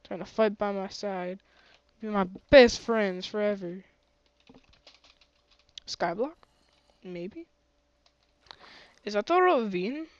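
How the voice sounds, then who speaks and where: A woman's voice: medium pitch, slow, pauses often, no echo, muffled recording. A woman streaming a game with a sore throat, chatty and often gasping and exclaiming. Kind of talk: casual gaming commentary.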